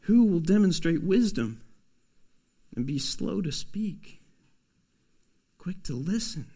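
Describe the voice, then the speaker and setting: A male pastor delivers a sermon in a slightly raised voice. He swings between punchy, emphatic lines and quiet, almost hushed asides, speaking straight to his congregation. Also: high voice, expressive, takes it slowly.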